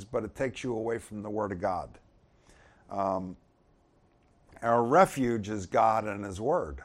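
A man with a lowish voice leads a casual Bible teaching, speaking conversationally. He turns emphatic when reading the verses aloud.

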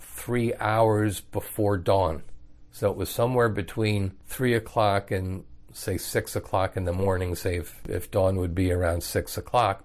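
A man's voice: fairly low pitch, darkish tone. A man teaching the Bible verse by verse in a casual, conversational way, reading passages and explaining them in everyday words.

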